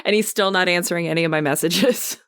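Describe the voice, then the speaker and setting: Female podcast co-host, lowish voice, giggly and animated, dry close recording. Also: fast talker, clear, resonant tone, no room sound. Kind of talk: casual chat about tabletop roleplaying.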